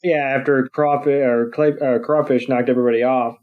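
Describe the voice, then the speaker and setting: A man's voice: medium pitch, steady tone, brisk. Man chiming in on a podcast. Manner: joking, chiming in with comments. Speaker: podcast co-host. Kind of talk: casual chat. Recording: dull, muffled podcast audio.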